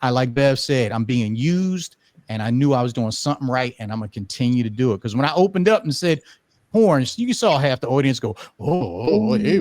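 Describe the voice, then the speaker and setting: A man, a guest on a live talk show, chatting lively and laughing with the hosts. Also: mid-range voice, no echo. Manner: lively, laughing, repeats himself. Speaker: comedian guest. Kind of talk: casual talk show chat.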